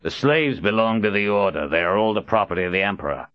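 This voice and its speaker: A man voicing a gruff, bald male soldier captain who growls his threats. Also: lowish voice, lively intonation, quick pace, no room sound, close to an everyday voice. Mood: threatening. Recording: dull lo-fi audiobook recording.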